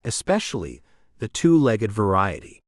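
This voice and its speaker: A man's voice: on the low side, very animated, moderate pace, no room sound, clean studio sound. A man playing a curt grumpy baker. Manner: curt, gruff. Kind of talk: audiobook character voice.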